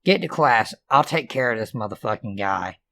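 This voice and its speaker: A man's voice: mid-range voice, lively intonation, moderate pace, vocal fry, a bit bright. A man voicing a loose-tongued school counselor woman. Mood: offhand.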